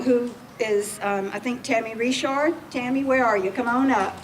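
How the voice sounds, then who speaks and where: Emotional lady giving an awards speech at a reception, sounds kinda distant from the mic. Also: fairly high pitch. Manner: heartfelt and emotional. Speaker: state agency official presenting awards. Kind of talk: public speech at an event. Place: public reception event. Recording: distant mic with faint background noise.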